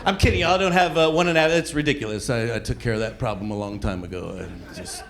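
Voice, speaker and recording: A man's voice: mid-range voice, fast, gravelly, slight background noise. A man in his forties doing a crude, brash stand-up comedy set on stage, slipping into silly voices for punchlines. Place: comedy club stage before a live audience. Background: audience laughter.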